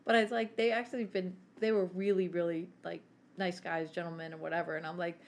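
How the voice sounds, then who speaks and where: A woman's voice: fairly low pitch, fairly quick, vocal fry, darkish tone, slight background noise. A woman in her forties telling stories in casual chat as a podcast co-host, brash, laughing and swearing freely.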